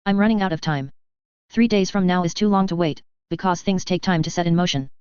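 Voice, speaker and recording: A woman's voice: fairly low pitch, fairly quick, a little mellow, clear, resonant tone, dry recording, dull audio, natural voice. A woman reading the lines of a grave, urgent male hero leader in an audiobook.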